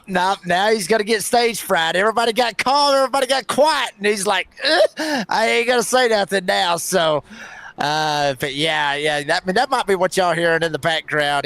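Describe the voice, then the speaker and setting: A man's voice: on the high side, a bit bright, clean tone. A man doing play-by-play commentary for a sim race, folksy and chatty with lots of fillers. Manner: folksy, chatty, quick bursts with many fillers.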